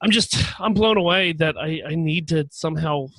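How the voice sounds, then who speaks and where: A man's voice: a little high, moderate pace, a bit bright, no echo. A man co-hosting a casual chat show, talking in loose rambling bursts and often repeating his first words. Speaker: podcast co-host.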